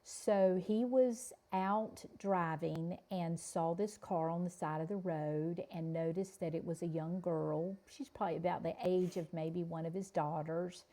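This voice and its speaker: A woman with a Southern US accent, co-hosting a chatty podcast and telling a long, rambling story in a drawn-out way. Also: lowish voice, dark tone. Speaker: podcast co-host. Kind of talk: casual chat, storytelling.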